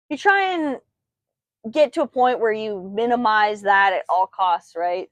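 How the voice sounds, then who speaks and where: A woman's voice: mid-range voice, no echo. Easygoing woman racer, dry close sound. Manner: easygoing, reflective, frequent agreeing backchannels. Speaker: podcast guest, racer. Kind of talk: casual chat.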